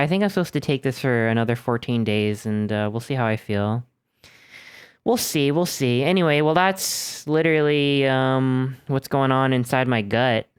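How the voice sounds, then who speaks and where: Here a young man chats casually on a home live stream, speaking into a desk mic routed through an audio interface. His voice is smooth and medium in pitch, the sound clean and studio-grade without room ambience, and his talk is rambling and self-mocking, full of false starts.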